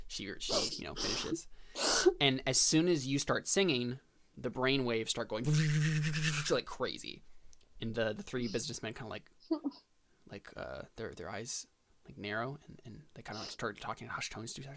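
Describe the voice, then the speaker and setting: A man narrating as game master in a tabletop role-playing game, halting and filling pauses as he describes scenes. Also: mid-range voice, fairly bright tone. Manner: halting, full of fillers and restarts.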